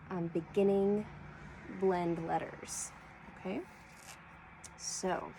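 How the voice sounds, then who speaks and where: A woman teaching a preschool class, speaking slowly and clearly as she sounds out letter blends for young children. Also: lowish voice, darkish tone, slight background noise, poor audio. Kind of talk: slow read-aloud lesson for young children.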